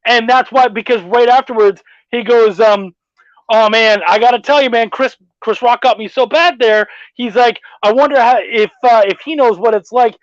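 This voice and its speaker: Profane, animated middle-aged man. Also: very high voice, moderate pace, no room sound. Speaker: podcast host. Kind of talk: casual chat. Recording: dull dry lo-fi sound.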